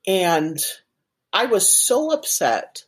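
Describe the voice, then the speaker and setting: A woman's voice: mid-range voice, very animated, slow pace, husky. A woman guest in an interview, telling a personal story animatedly with many fillers. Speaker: guest, organization president.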